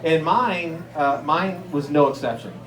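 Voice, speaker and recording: A middle-aged man from Erie, Pennsylvania, telling stand-up stories and acting out the people in them with sudden jumps in pitch. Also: a little slow, echoey room, low-quality recording. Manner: animated, acts out characters with jumps in pitch. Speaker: stand-up comedian. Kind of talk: stand-up storytelling.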